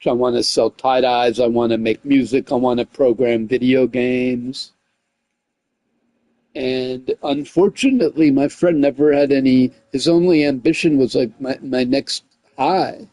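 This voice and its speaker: The recording is dry, and the man's mid-range voice keeps a measured pace. Casually chatting on a gaming livestream, he rambles with lots of "like" and "you know what I mean," getting heated and loud when he tells of a conflict.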